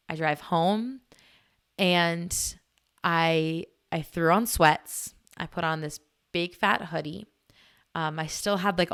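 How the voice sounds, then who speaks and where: A young woman hosting a podcast, telling a personal story in a chatty, animated way with frequent laughs. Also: low-pitched, clean tone. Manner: chatty, animated, laughs often, many "like" fillers. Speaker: podcast host. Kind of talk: casual storytelling chat.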